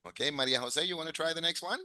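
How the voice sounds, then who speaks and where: Bright-voiced encouraging male English teacher. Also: on the high side, very fast. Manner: encouraging, drills phrases, chuckles often. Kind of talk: online English class.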